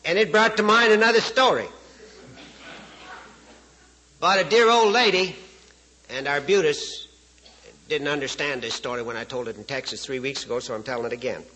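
A man from Saskatchewan, Canada, gives a guest speech to an audience, telling folksy, joking stories and chuckling at them himself. His fairly high voice is brisk, pushed, and bright, and the audio quality is poor.

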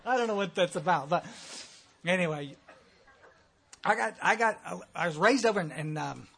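Husky, high-voiced Texas man. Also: expressive, moderate pace, a bit bright. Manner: blunt, folksy, joking. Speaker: recovery meeting speaker. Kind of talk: recovery meeting talk.

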